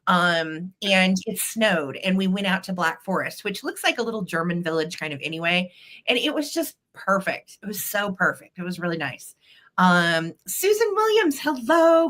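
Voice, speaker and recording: A woman's voice: mid-range voice, sharp tone. A middle-aged woman hosting a live vintage sale stream, bubbly and chatty, greeting viewers by name.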